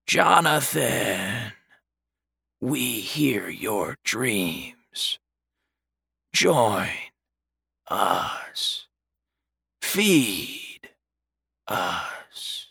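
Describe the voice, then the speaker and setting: A man voicing a hungry chorus of vengeful storm spirits in a hollow, drawn-out, menacing whisper. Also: fairly low pitch, very animated, creaky, pushed and bright, husky, dry recording, clean studio sound, exaggerated voice.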